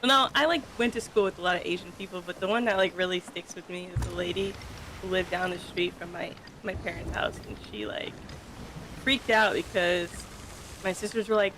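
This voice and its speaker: A woman telling anecdotes in a casual voice chat, quick and filled with "like". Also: medium pitch, noisy background. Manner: fast anecdotes full of "like". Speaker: streamer's friend.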